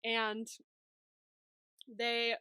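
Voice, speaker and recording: A woman's voice: on the high side, completely flat delivery, very slow, bright, forceful tone, smooth, no room sound. A woman co-hosting a podcast, recapping a movie in casual chat, laughing often and swearing freely.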